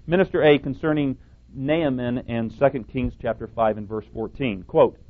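A man's voice: mid-range voice, normal speed. Man preaching, punchy and sarcastic, sounds like it's over a phone line. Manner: emphatic, sarcastic, quotes and rebuts opponents. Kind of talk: radio Bible teaching. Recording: tinny phone-like audio.

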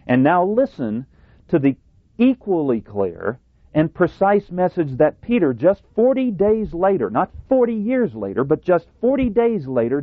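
A male preacher delivers a sermon in a deliberate, emphatic way, leaning into a word now and then with a sarcastic edge. The recording is thin and phone-like, with a dry, close sound. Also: medium pitch, dry recording.

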